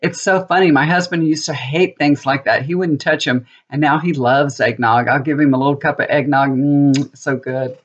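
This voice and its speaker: A woman's voice: low-pitched, fairly even intonation, normal speed, few pauses, husky. A middle-aged woman and tarot reader chatting casually to viewers, rambling and laughing often. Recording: slightly dull lo-fi audio.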